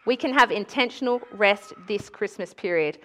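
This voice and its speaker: A young woman delivers a sermon in a church. She speaks in a lively, conversational way and calls on the congregation to answer her back. Her voice sits at an ordinary middle pitch for a woman. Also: normal speed. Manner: animated, conversational, with call-and-response. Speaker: preacher.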